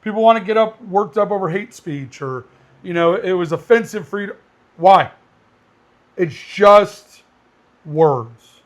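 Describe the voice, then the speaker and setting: Brief: high-pitched male podcast co-host, blunt and animated, firearms instructor. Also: moderate pace. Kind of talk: casual podcast chat.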